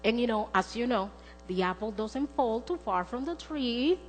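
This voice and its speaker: A woman's voice: a little high, lively intonation, normal speed. Middle-aged woman preaching in echoing church. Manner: earnest, storytelling with acted quotes. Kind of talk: sermon. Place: church sanctuary. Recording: long church hall reverb with mains hum and faint music.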